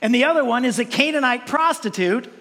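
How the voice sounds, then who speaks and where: A man's voice: extremely high pitch, lively intonation, brisk, pushed and bright, big-room sound. A male pastor preaching a sermon in a conversational way, with frequent restarts and playful mimicked voices.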